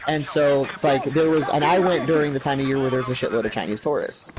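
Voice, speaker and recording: A man's voice: mid-range voice, brisk, crowd noise. A man telling a long travel story in a casual chat, acting out the voices of the people in it. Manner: animated storyteller, acts out quoted voices. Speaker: livestream co-host. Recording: noisy gameplay audio behind. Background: gunfire from a video game.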